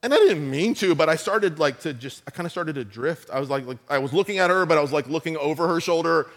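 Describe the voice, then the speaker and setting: A middle-aged man preaching a sermon as pastor, telling funny stories with lively asides to the congregation. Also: a little high, fast talker.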